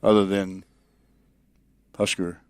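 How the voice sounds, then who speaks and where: A man hosting a sports talk show, introducing clips and reading community announcements in a steady, measured way. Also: low-pitched, clear, resonant tone, no room sound. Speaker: sports radio host.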